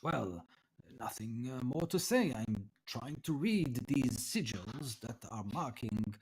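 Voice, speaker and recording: A man voicing a fussy, vain old tiefling scholar who speaks haltingly. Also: medium pitch, animated, darkish tone, slightly rough, exaggerated voice, rough recording. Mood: scholarly. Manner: hesitant, halting with ums.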